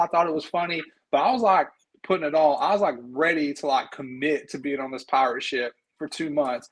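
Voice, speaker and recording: A man's voice: on the high side, fairly quick, breathy edge, low-quality recording. Chatty man. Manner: chatty storyteller, acts out quotes. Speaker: podcast co-host. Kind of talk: casual chat.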